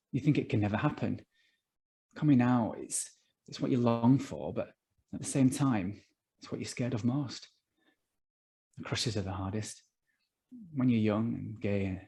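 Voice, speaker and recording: A man with a Northern English accent reading his own novel aloud, voicing a calm, quiet, reflective gay man in a slow, soft manner. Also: lowish voice, vocal fry.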